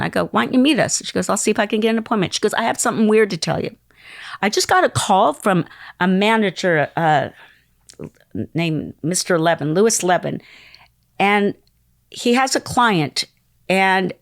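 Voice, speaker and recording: A woman in her sixties, a podcast guest telling a long story in an animated way, acting out the voices of the people in it. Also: mid-range voice, no echo, clean studio sound. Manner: animated, acts out quoted voices.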